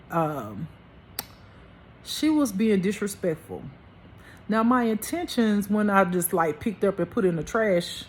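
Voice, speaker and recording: A woman talking straight to camera in a heated, preachy monologue, repeating herself and addressing her viewers. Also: mid-range voice. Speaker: spiritual life coach vlogger.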